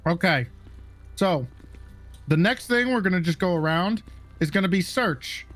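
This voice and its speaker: A man's voice: sits high, expressive, a little slow, soft background music. A man instructing police recruits in a roleplay game, talking casually and checking in with "okay" and "right" after each point.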